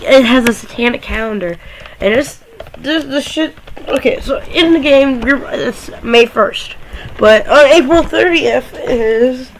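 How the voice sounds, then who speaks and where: A woman's voice: on the high side, a little hiss or hum, poor audio. Young woman rambling while lying down. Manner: rambling, swearing, jokey. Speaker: gaming vlogger. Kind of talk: casual game commentary. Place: her bedroom, lying down.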